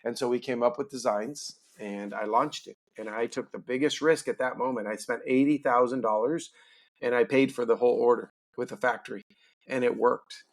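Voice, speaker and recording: A middle-aged man tells a long personal story as a podcast guest. He is animated and acts out the dialogue from his story. His voice sits at a middle pitch for a man. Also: moderate pace. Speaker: podcast guest, business owner. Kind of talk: storytelling in a casual interview.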